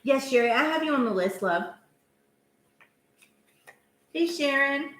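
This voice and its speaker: A woman's voice: high voice, expressive, brisk, a bit bright, reverberant. A woman doing a live-stream tarot reading in a chatty, casual way, full of filler words and giggles. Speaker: tarot reader.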